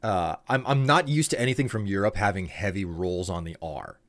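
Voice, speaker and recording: Musing streamer man, low voice. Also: a little fast. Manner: musing, thinks aloud with restarts. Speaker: live streamer. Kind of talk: casual stream commentary.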